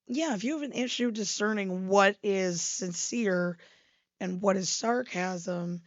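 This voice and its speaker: A woman's voice: medium pitch, a little slow, dry recording, dull audio. Woman co-host in casual chat. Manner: agreeable, short replies, laughs along. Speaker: podcast co-host.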